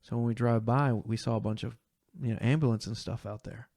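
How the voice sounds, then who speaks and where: A young man telling an emotional personal story as a guest, earnest and halting, acting out the voices of the people in it. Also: mid-range voice, steady tone, gravelly, warm tone, no echo, studio quality. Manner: earnest, acts out quoted voices, halting restarts.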